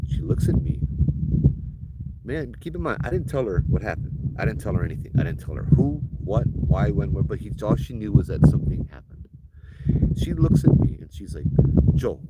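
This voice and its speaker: Hawaiian Pidgin-accented guide, lowish male voice, lively storyteller, loud noise behind, for an outdoor ghost tour. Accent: Hawaiian Pidgin English. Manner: animated, laughing, acts out the people in his tale. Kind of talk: casual live storytelling to a group. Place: outdoors at an old temple site.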